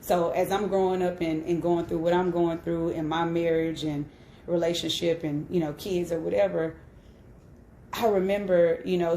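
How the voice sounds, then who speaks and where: A woman's voice: on the low side, dark tone, reverberant, a little hiss or hum. A woman in her thirties sharing a personal story on a live stream, candid and emphatic, often checking in with "right?". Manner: candid and emphatic, with frequent "right?" tag questions. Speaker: host.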